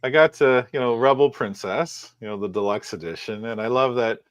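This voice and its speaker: A man chatting casually on a live show, halting and full of fillers. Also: mid-range voice, no room sound. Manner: hesitant, many fillers. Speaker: panelist on a live whiskey and board game show. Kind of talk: casual chat.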